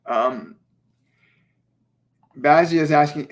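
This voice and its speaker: A man hosting a live spiritual Q&A as a medium, speaking gently and soothingly, often repeating his phrases and pausing on ums. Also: fairly high pitch. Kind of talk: livestream channeling session.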